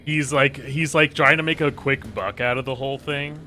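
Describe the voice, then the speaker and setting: A man's voice: medium pitch, fairly even intonation, moderate pace, sharp tone, slight background noise. A man chatting casually while playing a video game, rambling, swearing freely and trailing off mid-sentence. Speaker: gameplay commentator.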